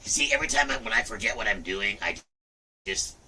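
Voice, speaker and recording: A middle-aged man rambles through a casual livestream, swearing freely and breaking into sudden loud outbursts. His voice sits a little low but has a very bright, hard edge. The mic picks him up from a distance. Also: animated, brisk, slight background noise. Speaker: livestream host.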